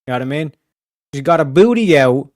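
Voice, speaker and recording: A man's voice: fairly high pitch, animated, a little fast, darkish tone, no room sound, clean studio sound. An Irish man hosting a stream in casual chat, rambling and swearing, repeating his catchphrases. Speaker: streamer host.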